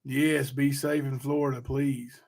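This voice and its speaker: A man's voice: medium pitch, level tone, measured pace, a little mellow. A man hosting a casual livestream, chatting loosely and reading out viewer comments. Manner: chatty, rambling, addresses chat directly. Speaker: livestream host.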